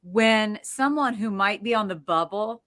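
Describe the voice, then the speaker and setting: A woman's voice: medium pitch, measured pace, a bit bright, no room sound. Brief: female co-host, chatty and teasing, mid-range voice, close and dry. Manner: playful, laughs easily, chimes in. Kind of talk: casual talk show chat.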